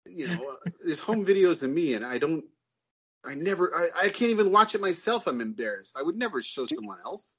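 A man's voice: a little high, sing-song, brisk, fairly bright tone, husky. Laid-back man on a muffled mic. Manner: laid-back storyteller, mocking quoted voices. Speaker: podcast co-host. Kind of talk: casual podcast banter. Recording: dull lo-fi sound.

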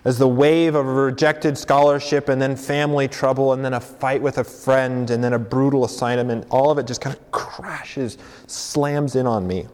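A man's voice: mid-range voice, steady tone, moderate pace, few pauses, a little mellow. A young adult man preaching a conversational sermon as a campus pastor, with frequent fillers and self-corrections. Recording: long hall reverb.

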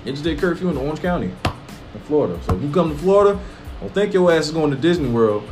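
A man's voice: on the high side, fast, faint music behind. A man co-hosting a casual chat, telling joking stories and swearing freely. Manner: profane, joking, animated storyteller. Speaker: podcast co-host.

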